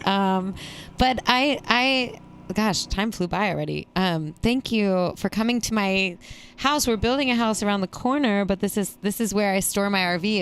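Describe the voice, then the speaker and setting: A woman's voice: mid-range voice, slight background noise. A woman hosting a casual podcast interview, chatty and enthusiastic, exclaiming often. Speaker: podcast host.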